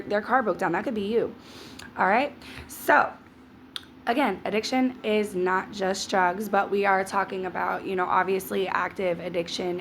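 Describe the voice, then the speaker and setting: A woman's voice: medium pitch, gravelly, fairly bright tone, slight background noise. A woman telling her own story to camera in a frank, emphatic, casual way. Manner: frank, emphatic, calls listeners "baby". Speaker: social media creator sharing her story.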